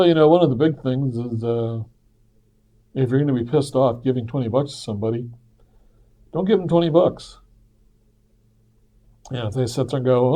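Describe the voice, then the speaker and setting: A man's voice: mid-range voice, dark tone. A man talking through his personal reflections in a casual, earnest, conversational monologue. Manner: earnest, conversational, acts out quoted voices. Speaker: speaker sharing personal reflections.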